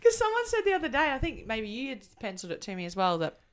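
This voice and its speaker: A woman's voice: fairly high pitch, wildly swooping pitch, fast, heavy background noise. A woman, a schoolteacher, chatting casually as a podcast co-host and laughing often. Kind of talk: casual chat.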